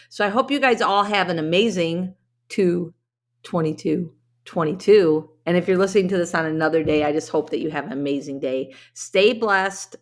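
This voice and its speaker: A woman with a slightly low voice talks to her podcast listeners on her own. She speaks in an earnest, heartfelt way, loose and chatty, with plenty of fillers and restarts. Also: fairly bright tone. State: briefly emotional. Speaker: podcast host. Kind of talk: solo motivational podcast talk.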